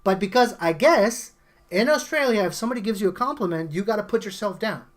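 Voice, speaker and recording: A man's voice: sits high, lively intonation, quick pace. A man hosting a casual songwriter podcast, talking animatedly with frequent laughs and restarts. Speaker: host.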